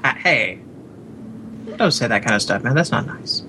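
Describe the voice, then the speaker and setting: A man's voice: medium pitch, lively intonation, normal speed, noisy background. A man hosting a podcast in casual chat, hesitant, with many fillers and restarts. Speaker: podcast host.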